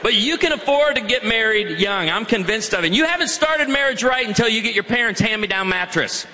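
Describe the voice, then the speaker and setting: Casting note: lively man in his 40s, high crisp voice, comic storyteller, reverberant hall. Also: brisk. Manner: energetic storytelling, puts on voices for jokes. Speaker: guest speaker. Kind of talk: humorous marriage talk to students. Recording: hall reverb with faint ambience.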